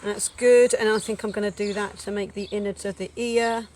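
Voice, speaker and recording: In a medium-pitched, slightly mellow voice with fairly even intonation, a Welsh woman talks at a normal speed while leading a casual craft demo at church. She keeps things light, joking at her own expense as she works, with hammering noise filling the room.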